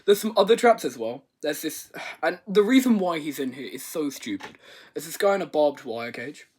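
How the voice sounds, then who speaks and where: A man's voice: fairly high pitch, expressive, moderate pace, darkish tone, husky. A man giving a rambling, comedic movie review rant, swearing and exaggerating. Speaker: video reviewer.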